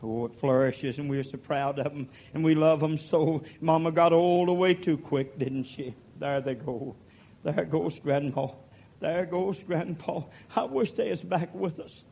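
Older preacher, folksy and fiery. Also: male voice, on the high side, gravelly, slightly rough, muffled recording. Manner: swings from quiet folksy talk to shouted, drawn-out peaks. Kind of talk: sermon.

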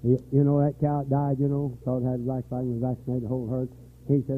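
An older man preaching a revival sermon, dropping to weary low talk and rising to shouted, high-pitched fervor. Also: flat delivery, a little fast. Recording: tinny lo-fi church recording.

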